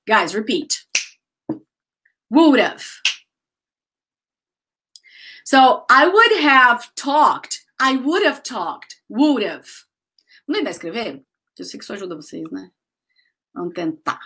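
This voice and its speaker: A woman teaching English grammar, drilling phrases slowly and chatting with her students. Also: a little high, sing-song, bright, forceful tone, slightly rough. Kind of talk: live online English lesson.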